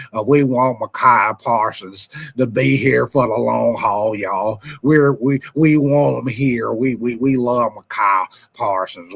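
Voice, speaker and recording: A man doing an impression of an elderly team owner, talking in a low, slow, halting drawl and repeating his words. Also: creaky, fairly bright tone, heavily acted.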